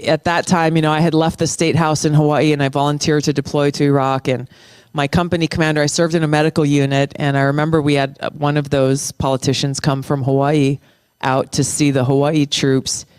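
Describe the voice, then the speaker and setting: Middle-aged veteran guest: earnest, impassioned, smooth-voiced, on a dry close mic. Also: medium pitch, flat delivery, no echo. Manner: impassioned, restarts phrases, slows down for emphasis. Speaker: guest, military veteran and former state lawmaker. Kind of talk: earnest conversational interview.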